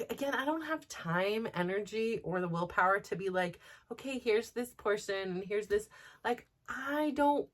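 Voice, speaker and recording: A woman's voice: mid-range voice, fairly bright tone. A middle-aged woman hosting a podcast, talking candidly in a rambling, casual way, full of fillers and restarts. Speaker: host. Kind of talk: casual personal chat.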